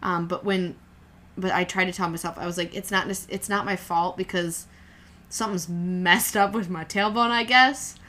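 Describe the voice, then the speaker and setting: A woman's voice: on the low side, fairly even intonation, normal speed, pushed and bright. A young woman chatting casually and candidly, rambling with fillers and restarts as she tells a personal story. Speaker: podcast co-host telling her birth story. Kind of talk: casual chat.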